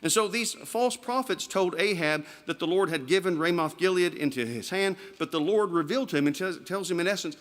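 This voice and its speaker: A man's voice: high-pitched, brisk, few pauses, a bit bright. A man preaching an evening sermon in a church, speaking in a conversational way and putting rhetorical questions to the congregation. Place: church sanctuary.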